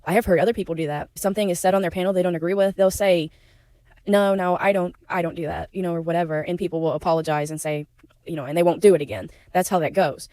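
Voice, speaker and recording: Racing along in a fairly low, mellow voice with a steady tone, this YouTube commentary creator is heard on a dry recording. She voices blunt, indignant opinions, speaks out about being a victim herself, and swears when upset. Her emotions show, bringing her close to tears at times.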